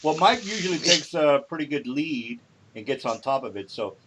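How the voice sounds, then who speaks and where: A man running a tabletop role-playing game for his players, talking casually with many pauses and fillers. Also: fairly high pitch, expressive, very noisy. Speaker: game master.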